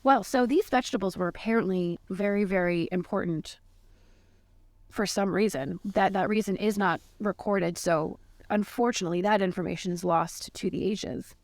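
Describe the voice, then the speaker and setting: A woman co-hosting a podcast, telling a made-up case in a mock-serious, deadpan way. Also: medium pitch, normal speed, no room sound. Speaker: podcast co-host presenting a case. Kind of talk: casual podcast chat.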